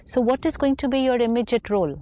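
A woman's voice: fairly high pitch, quick pace, warm tone. A woman speaking as a spiritual teacher on a talk show, explaining her ideas patiently and reflectively.

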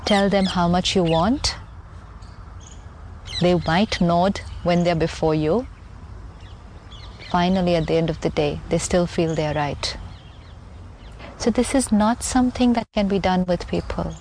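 A woman speaking as a spiritual teacher in a calm conversation, gentle and measured as she explains. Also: on the low side, slight background noise.

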